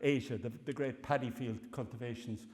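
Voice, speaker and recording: A man's voice: medium pitch, fairly even intonation, a little fast, a little mellow, in a large hall. Irish professor in his sixties lecturing. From Ireland. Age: 60s. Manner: anecdotal, chatty, laughs often at his own stories. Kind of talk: public lecture. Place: lecture hall.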